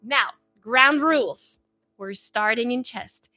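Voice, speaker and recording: A woman leading a live-streamed singing warm-up as a vocal coach, encouraging and upbeat, praising her viewers often. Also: on the high side, slow pace, soft background music. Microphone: in front of her own camera.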